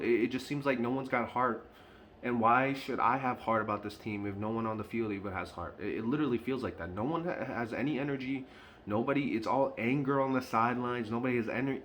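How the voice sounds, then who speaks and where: Speaking directly to the camera, a sports fan vlogger rants without a script, emphatic and annoyed, restating his arguments repeatedly. His voice is medium-pitched and fairly bright, with slight background hiss or hum.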